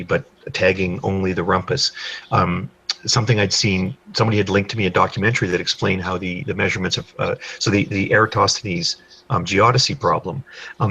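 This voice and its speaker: A low, gravelly man with a husky edge to his voice, talking in a relaxed group chat. He gets animated when he explains his points. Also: brisk. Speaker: podcast co-host.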